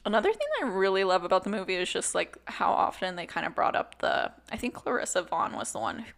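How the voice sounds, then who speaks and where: Woman with a gravelly voice on a podcast. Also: mid-range voice, fast talker, a bit bright. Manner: reflective, frequent "like" fillers. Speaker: film podcast co-host. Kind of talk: casual podcast chat.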